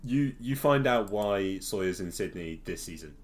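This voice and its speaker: A low-voiced man co-hosts a relaxed podcast. He leads the conversation with questions. His manner stays easygoing and conversational. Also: moderate pace. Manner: leading the talk with questions, easygoing. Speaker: podcast co-host. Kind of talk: casual chat.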